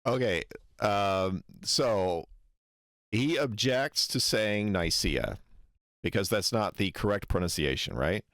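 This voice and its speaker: Male stream host, low and dry-sounding, wry and halting, lots of ums. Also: expressive, a bit bright, no echo. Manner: hesitant, many ums, wry and skeptical. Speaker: history channel host reacting to a lecture. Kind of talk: casual livestream commentary.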